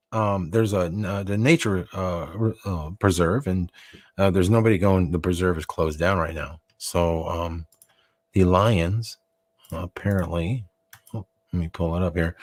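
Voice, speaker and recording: A man with a Texan accent co-hosting a live show in casual chat, rambling and halting with many restarts. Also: deep voice, no echo.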